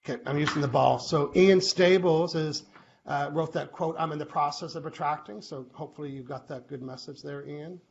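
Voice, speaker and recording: Animated man hosting a live Q&A. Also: fairly high pitch, fairly quick, creaky. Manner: animated, acts out little quoted exchanges. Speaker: host. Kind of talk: live online Q&A show. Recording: muffled live-stream audio with faint hiss.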